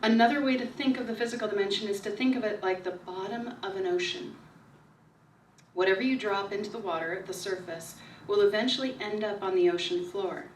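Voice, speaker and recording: A woman giving a calm, repetitive spiritual talk at her book signing, slowing down to stress key ideas. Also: mid-range voice, a little hiss or hum. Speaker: author speaking at a book signing. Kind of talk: spiritual talk to a small audience. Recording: echoey room recorded from far off.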